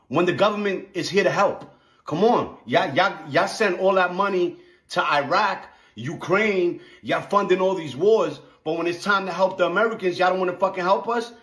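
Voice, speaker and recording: A man's voice: high voice, fairly bright tone, echoey room. A man ranting and cursing in a clip, repeating his demands. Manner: profane, repeats himself. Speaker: person in a viral clip. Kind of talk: mocking rant.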